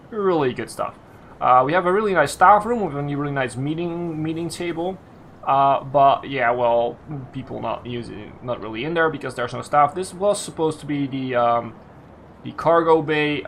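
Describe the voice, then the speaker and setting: Male let's-play host, mid-pitched, rambling commentary with frequent restarts and self-corrections. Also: creaky, fairly bright tone, slight background noise. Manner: thinks aloud, restarts and self-corrects often. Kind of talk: casual game commentary.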